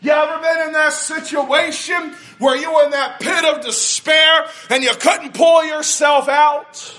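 A male pastor preaching a sermon, building to shouted emphasis on key words. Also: very high-pitched, fairly even intonation, unhurried.

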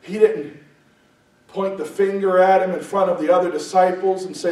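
A man preaching a sermon, speaking emphatically and building to loud, passionate peaks. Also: high-pitched, fairly even intonation, normal speed. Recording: very echoey room, voice far from the mic.

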